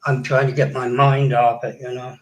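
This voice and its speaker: A man in casual chat, speaking hesitantly and haltingly. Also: mid-range voice, little pitch movement, low-quality recording.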